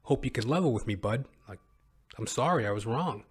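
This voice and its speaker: A young man hosting his own podcast, telling a comic story in an animated, profane, self-mocking way. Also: mid-range voice, fairly quick, slightly rough. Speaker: podcast host. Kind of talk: comedic storytelling monologue.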